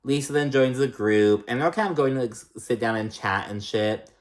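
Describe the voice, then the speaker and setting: Chatty, profane man recapping reality TV. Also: moderate pace. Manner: chatty and profane, heavy use of "like"; jumps between pitch highs and lows when reacting. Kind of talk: casual recap commentary.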